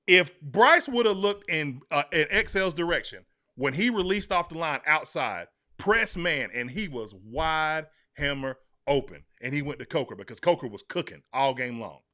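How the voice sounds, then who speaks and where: Excitable man talking football. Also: a little high, normal speed. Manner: emphatic, excitable, keeps addressing his co-host. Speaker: sports podcast co-host. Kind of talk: animated sports talk.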